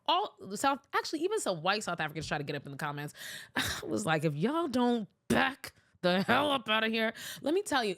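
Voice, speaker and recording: A woman's voice: medium pitch, fairly bright tone, dry recording, clean studio sound. Blunt, heated woman podcast host. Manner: emphatic, with frequent restarts. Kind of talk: casual commentary.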